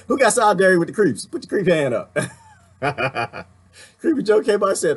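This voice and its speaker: A man ranting casually to his viewers, animated and often laughing, with a husky voice. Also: a little high, brisk. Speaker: vlogger. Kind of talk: casual rant to camera.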